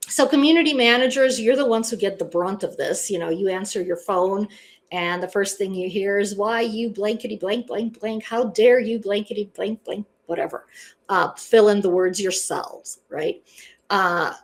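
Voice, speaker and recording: A woman leads a class and talks in a frank, easygoing way, with plenty of "you know" fillers. Her pitch sits in the middle range. She keeps things plain and direct. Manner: blunt, conversational, lots of "you know". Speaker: instructor. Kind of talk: casual online class lecture.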